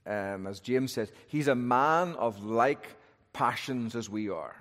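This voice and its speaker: A man's voice: mid-range voice, slow pace, a bit bright. A male pastor preaching an expository sermon in a thoughtful, conversational way, often posing rhetorical questions. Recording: long reverb of a large hall.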